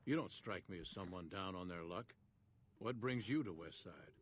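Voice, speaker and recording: A gruff older war veteran in a video game, wry and dry in his delivery. The voice is low and weathered. It sounds like polished studio game dialogue. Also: normal speed.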